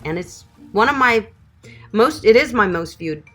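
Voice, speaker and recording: A woman's voice: medium pitch, expressive, a little slow, a bit bright, soft background music. A middle-aged woman, a pet groomer hosting a live stream, answering viewer questions in a chatty, affectionate way and calling them honey and sweetheart. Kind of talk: live Q&A chat reading viewer comments.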